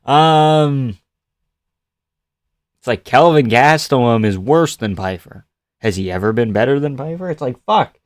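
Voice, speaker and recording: Male streamer, mid pitch, profane and rambling, dry close mic. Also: darkish tone, no echo. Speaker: live streamer. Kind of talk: casual chat reacting to chat.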